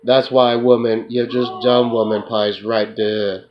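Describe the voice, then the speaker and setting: A man rambles on in a profane monologue in a flat, unvarying voice, often ending his lines with a dismissive "duh." The recording is muffled and lo-fi, with loud hiss underneath. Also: medium pitch, measured pace, hardly any pauses. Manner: repetitive, profane, tacks on "duh"; addresses an unseen listener. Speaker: self-described remote viewer.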